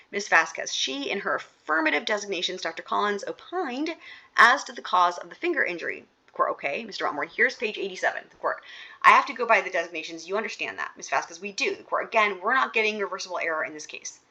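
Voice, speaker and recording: A woman's voice: medium pitch, sharp tone. A woman reading courtroom sidebar transcripts aloud and breaking off for chatty asides to her viewers. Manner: reads each speaker's lines straight through, breaking off for chatty asides. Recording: dull lo-fi recording.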